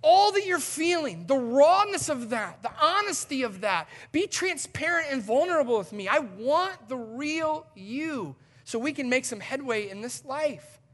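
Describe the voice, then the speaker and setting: A male pastor preaching a sermon in an animated, conversational way with emphatic swings in delivery. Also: very high-pitched, unhurried, few pauses.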